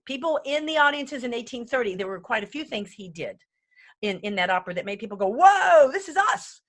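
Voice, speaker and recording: With a medium-pitched, fairly bright voice and a quick pace, a woman leads a casual online music lesson as a music lecturer. She chats enthusiastically, goes off on tangents, and counts beats aloud at her keyboard, which plays faintly in the background.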